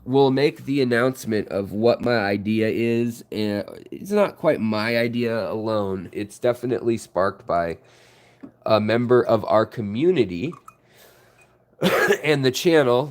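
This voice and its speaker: A man's voice: mid-range voice, expressive, measured pace. A man hosting an aquarium channel, chatting casually and rambling to the camera beside his fish tanks at home, with lots of fillers and jokes. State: out of breath.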